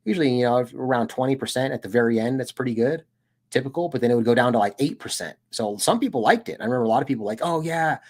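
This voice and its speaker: Racing along in an expressive, mid-range voice with a breathy edge, a young American man hosts a casual livestream. He's a streamer and channel host who rambles easily and says "dude" a lot.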